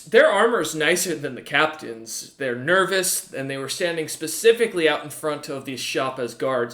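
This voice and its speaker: A man's voice: a little high, pushed and bright. A man narrating as game master, with a rambling delivery full of fillers. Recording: roomy echo.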